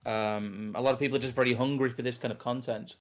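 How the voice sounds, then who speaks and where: A man's voice: mid-range voice, steady tone, fast talker. A man chatting casually as a podcast host, rambling through tangents, correcting himself and laughing easily. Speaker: podcast host behind a history series. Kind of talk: casual chat.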